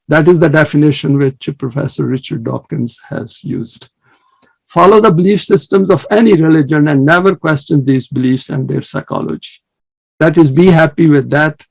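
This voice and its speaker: A man giving an earnest, measured religious lecture and reciting scripture quickly in between. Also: a little high, vocal fry, a little mellow, slightly rough. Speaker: Islamic study presenter.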